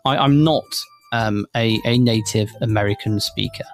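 A man's voice: lowish voice, moderate pace, faint music behind. A man co-hosting a casual podcast chat, teasing and laughing often. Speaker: podcast co-host.

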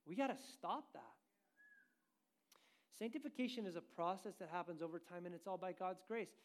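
A man's voice: high voice, normal speed, long pauses. A man preaching a sermon as pastor, asking the congregation questions and driving his points with energy.

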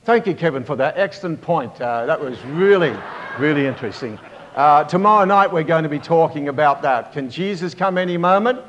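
A man preaching a Bible-teaching sermon, pausing often with fillers and restarts and asking the congregation for amens. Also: a little high, animated, fairly bright tone, a little hiss or hum. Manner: halting, with many fillers and restarts. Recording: dull lo-fi recording.

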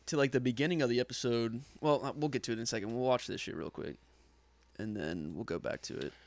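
A man's voice: mid-range voice, quick pace, no echo. A young man co-hosting a casual show, rambling through explanations with lots of fillers and restarts. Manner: rambling, filler-heavy, self-correcting. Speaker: podcast co-host. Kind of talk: casual chat, watching an episode together.

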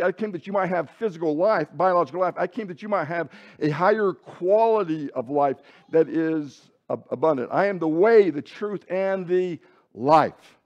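A man teaching a Bible class in a relaxed, conversational way, often restarting his sentences. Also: on the high side, highs cut off. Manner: conversational, frequent restarts and self-corrections. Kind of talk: casual Bible lesson.

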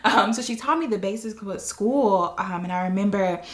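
Animated woman telling her story. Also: mid-range voice, moderate pace. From Watts, California. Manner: animated, full of "um" and "like", laughs often. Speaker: interview guest. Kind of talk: personal storytelling in a conversation. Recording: roomy echo.

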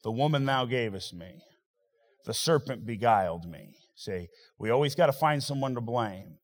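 A man preaching a sermon as pastor, swinging between loud rising exhortation and quiet, wry asides. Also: medium pitch, expressive, normal speed. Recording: long hall reverb.

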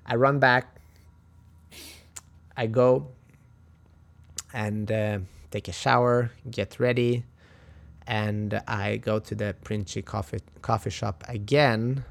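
Taking it slowly, with fairly even intonation, vocal fry, and frequent pauses, a lowish-voiced man from Sweden narrates a travel story on his podcast. His Swedish-accented monologue is casual, chatty, and motivational, and he often restarts.

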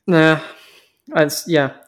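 A man's voice: fairly high pitch, very slow. A man co-hosting a film review podcast who talks casually, swears often and sounds incredulous. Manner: animated, profane, incredulous.

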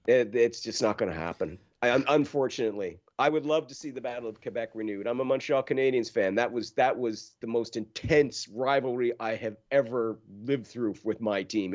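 A man's voice: lowish voice, darkish tone, muffled recording. A man co-hosting a sports talk show, chatting loosely and cursing freely, often laughing. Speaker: podcast co-host. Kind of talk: casual sports chat.

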